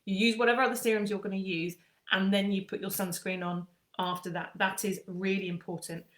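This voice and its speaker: A woman's voice: mid-range voice, steady tone, a little fast, fairly bright tone, echoey room. Chatty woman explaining skincare. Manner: chatty, with frequent ums and restarts. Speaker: skincare aesthetician.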